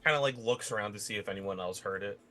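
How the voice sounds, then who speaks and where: Excitable, bright-voiced male player. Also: lowish voice, fast, slight background noise. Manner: excitable, laughing, swings from quiet asides to loud outbursts. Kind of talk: playing a tabletop game.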